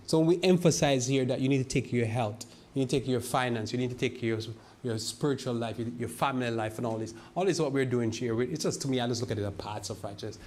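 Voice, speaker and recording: A male pastor giving a sermon, reading scripture slowly and asking the congregation rhetorical questions, often repeating and restarting words. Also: mid-range voice, darkish tone, slight background noise. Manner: preaches with rhetorical questions and slow scripture quoting.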